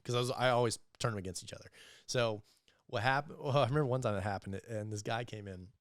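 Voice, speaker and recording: A young man telling animated, profane sales stories as a guest in a casual podcast interview, acting out the people he quotes. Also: mid-range voice, quick pace, no echo, studio quality. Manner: animated, profane storyteller who acts out quoted voices. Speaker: entrepreneur guest.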